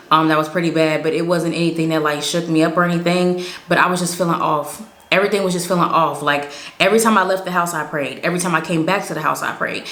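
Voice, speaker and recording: A woman's voice: low-pitched, a bit bright. A woman giving a casual, emotional spoken testimony as a prophetic vlogger, earnest and rambling with many fillers. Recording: echoey room.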